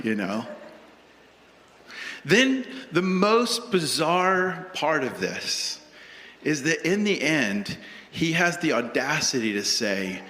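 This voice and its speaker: A man's voice: a little high, big pitch swings, a little slow, bright, forceful tone. A male pastor preaching a sermon in a conversational, humorous storytelling way, in a large church sanctuary with long reverb.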